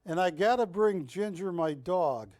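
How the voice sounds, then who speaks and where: A man hosting a live shopping channel, pitching art with jokey, teasing sales patter from a television studio. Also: animated, a little slow, darkish tone, no echo.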